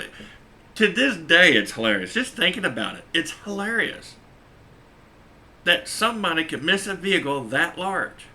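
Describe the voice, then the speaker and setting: A man's voice: fairly high pitch, big pitch swings, moderate pace, long pauses, sharp tone. A man who drives a truck, telling a story casually, chuckling often and repeating his points for emphasis.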